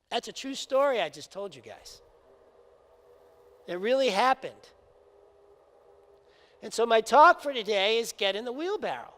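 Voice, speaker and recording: Animated male preacher in an echoing hall. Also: extremely high pitch, measured pace, pauses often. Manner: animated storyteller, emphatic. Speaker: spiritual minister. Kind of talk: sermon. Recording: reverberant hall.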